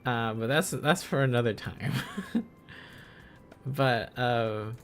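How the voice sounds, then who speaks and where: A man on a casual livestream, thinking aloud in an unhurried, drawn-out way as he sounds out syllables one at a time. He chuckles often between attempts, and soft music plays faintly underneath. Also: mid-range voice. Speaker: streamer.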